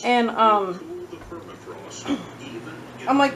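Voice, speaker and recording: Woman, vlogger, casual story time, blunt, chatty, a bit high-pitched, self-filmed at home. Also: moderate pace, a crowd in the background. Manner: chatty, animated, blunt and swearing. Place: at home with her cats. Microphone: own phone or camera, self-filmed.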